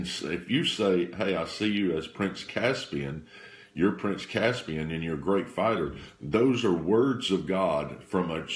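A man telling a personal faith testimony in an earnest, halting way, often repeating and restarting his phrases. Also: low voice. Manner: earnest, emotional retelling. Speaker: speaker sharing a faith testimony. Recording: roomy echo.

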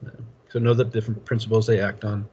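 A man's voice: on the low side, level tone, quick pace, warm tone, slightly rough, dull audio. A man teaching a college class in a casual, rambling lecture, chuckling often and telling anecdotes. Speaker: college instructor.

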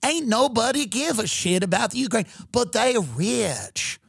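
A comedian puts on a greedy old Southern politician who talks in a sassy, crude drawl. The voice sits high and swings widely, with a gravelly edge. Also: male voice, animated, a little slow, fairly bright tone, dry recording, studio quality, exaggerated voice. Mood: blunt crude.

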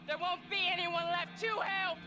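A woman's voice: extremely high pitch, steady tone, normal speed, lo-fi sound, music in the background. An actress voicing a frightened young woman in a horror video game, strained and pleading. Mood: grim.

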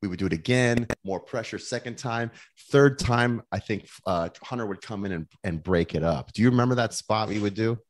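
A man guest telling a casual anecdote, animated and laughing often as he repeats himself. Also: lowish voice, brisk, hardly any pauses. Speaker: podcast guest.

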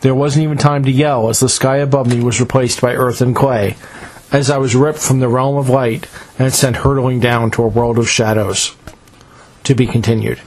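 A man reading a first-person adventure story in a measured, dramatic storytelling manner. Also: mid-range voice, steady tone, a little mellow, low-quality recording. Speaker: narrator.

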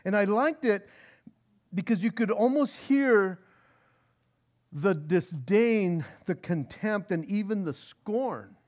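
A man preaching an expository sermon from the pulpit. His voice sits high and swings widely in pitch, and he often repeats and restarts words as he works through the text. His earnest delivery slows down for scripture. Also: expressive, a little mellow. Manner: earnest, frequent stammered restarts; reads scripture aloud slowly. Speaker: pastor.

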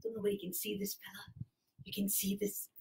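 A woman's voice: mid-range voice, sing-song, brisk, creaky, darkish tone. A young woman from Malaysia leading a live-streamed lesson for small children, exclaiming and talking in a sing-song way. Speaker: children's class teacher. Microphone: phone or camera on a livestream.

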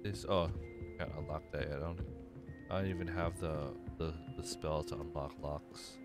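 A man's voice: a bass voice, fairly even intonation, normal speed, over loud music. A man doing let's-play commentary, rambling and self-deprecating as he chats to himself while playing. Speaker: gamer.

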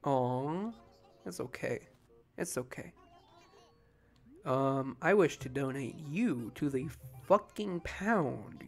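Sleepy, swearing casual game commentator. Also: medium pitch. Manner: sleepy, profane, rambling. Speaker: let's play commentator. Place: home.

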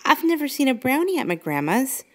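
A woman voicing a curious young girl who talks in an excited, high, chirpy way. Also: fairly quick, full character voice. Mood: eager.

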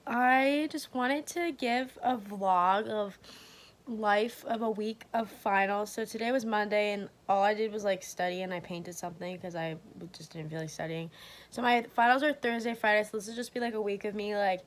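A woman's voice: medium pitch, fairly even intonation, normal speed. A young woman in college chatting casually to her phone camera, rambling with lots of fillers. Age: young adult. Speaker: vlogger. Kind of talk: casual vlog chat. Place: college dorm and campus, in and out of doors. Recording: noisy phone recording.

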